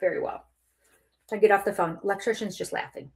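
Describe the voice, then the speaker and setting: An older woman vlogging, chatty and animated, acting out both sides of phone calls with laughs and dropping to a near-whisper at times. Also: medium pitch, brisk, creaky. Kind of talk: casual storytelling vlog.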